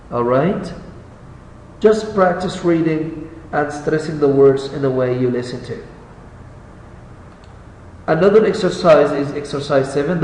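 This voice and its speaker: Slow, patient male English teacher in an echoey room. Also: fairly high pitch, a little mellow. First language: Arabic. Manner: patient, checks answers aloud and repeats words. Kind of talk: recorded online class. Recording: echoey room, voice far from the mic, faint background hiss.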